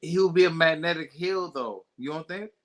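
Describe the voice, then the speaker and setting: A man co-hosting a casual wrestling podcast, excitable and emphatic, repeating himself and laughing as he talks. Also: a little high, normal speed. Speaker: podcast co-host. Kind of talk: casual wrestling recap chat.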